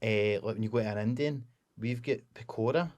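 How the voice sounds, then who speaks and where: A man's voice: on the low side, fairly quick, darkish tone. A Scottish man hosting a casual comedy podcast, telling stories in a dry, wry way. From Scotland. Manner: dry, wry storytelling with swearing. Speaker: podcast host. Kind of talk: casual chat.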